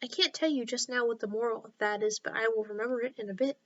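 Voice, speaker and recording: A woman's voice: a little high, quick pace, highs cut off, natural voice. A woman voicing a fussy middle-aged noblewoman who finds a moral in everything, in a storybook reading. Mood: preachy. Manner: preachy, fond of morals.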